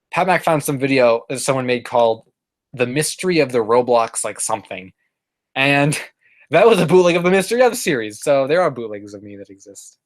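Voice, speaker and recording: A man talking off the cuff on a live stream, reading out chat messages and answering them. He rambles along, full of "like" and "um", and often starts a sentence over. His voice sits at an ordinary middle pitch. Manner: rambling, many fillers and restarts. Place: apartment room.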